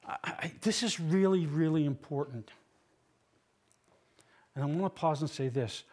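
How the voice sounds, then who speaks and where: Preaching at a measured pace, this pastor is earnest and emphatic. He asks rhetorical questions and lowers his voice to a soft tone when the material turns solemn.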